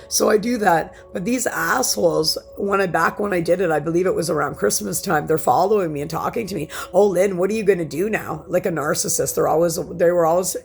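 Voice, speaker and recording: A vlogger in her forties rants to the camera in a rambling, emphatic monologue full of profanity. Her voice is fairly low and gravelly.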